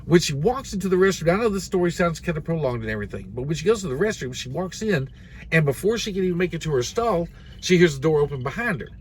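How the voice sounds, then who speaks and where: A man's voice: fairly high pitch, expressive, quick pace, slight background noise. A man retelling a story in casual, rambling speech, full of fillers like "you know" and "and everything.".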